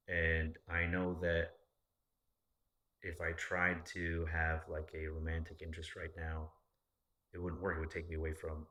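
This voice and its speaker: Male podcast host, deep and forceful, casual and profane, rambling. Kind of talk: casual chat.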